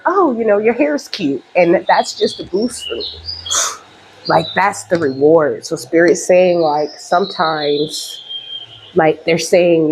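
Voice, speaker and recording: Woman host, low voice, chatty and heartfelt spiritual reading aimed right at her viewers. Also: darkish tone, slight background noise, rough recording. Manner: chatty and emphatic, speaking straight to viewers; heartfelt, openly emotional. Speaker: spiritual reader and channel host. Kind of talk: casual direct-to-camera spiritual reading.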